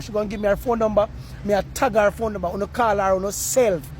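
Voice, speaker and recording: A man's voice: sits high, steady tone, fast, darkish tone, slight background noise. A Jamaican man reporting outdoors on a university campus, earnestly pleading with viewers and slipping into patois. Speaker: street reporter. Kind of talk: on-the-spot appeal to viewers.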